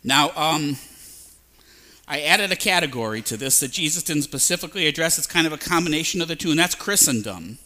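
A male pastor giving a lively sermon, sometimes imitating babbling sounds to make a point. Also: fairly high pitch, a little fast. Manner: animated, mimics babbling sounds. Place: church sanctuary.

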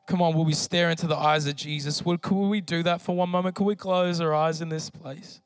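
A man's voice: high voice, fairly even intonation, brisk, few pauses, smooth, no room sound. A man preaching a sermon with emotional testimony, pleading and impassioned as he leads prayer in church. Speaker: pastor.

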